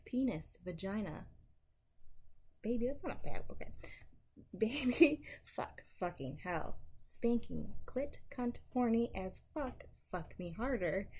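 A woman from the upper Midwest of the United States doing a casual accent challenge, slipping between a soft whisper and her normal voice, with giggles and frequent ums. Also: on the low side, husky. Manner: frequent ums and self-corrections. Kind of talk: casual accent challenge reading a word list.

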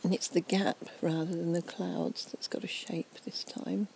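A woman, slightly tipsy, giving a soft, rambling, whispered night-time ASMR chat outdoors near trees and a fountain on a portable recorder. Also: lowish voice, flat delivery, unhurried, creaky, low-quality recording.

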